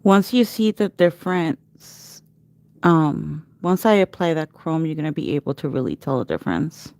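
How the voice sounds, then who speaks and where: A woman's voice: deep voice, expressive, moderate pace, darkish tone, no echo. A woman nail artist hosting a live tutorial, chatting to her viewers by name and narrating her steps as she works.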